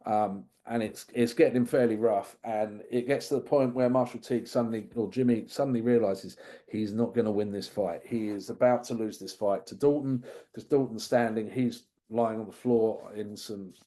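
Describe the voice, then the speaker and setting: A man's voice: fairly low pitch, steady tone, moderate pace, warm tone. A man chatting casually on a podcast, retelling a film with amused, rambling asides. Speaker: podcast co-host. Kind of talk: casual film review chat.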